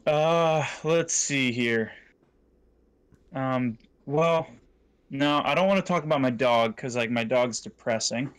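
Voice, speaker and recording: A young man with an average-pitched voice, chatting on a casual podcast. He keeps things playful and teasing and is eager to cut in with a joke. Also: slow, clear, resonant tone. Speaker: podcast co-host.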